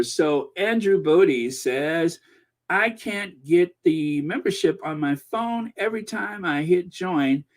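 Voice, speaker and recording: A man with a slightly high voice hosts a casual live stream. He reads news items and viewer comments aloud in a chatty, excitable way. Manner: chatty and excitable, laughing often. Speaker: channel host and commentator.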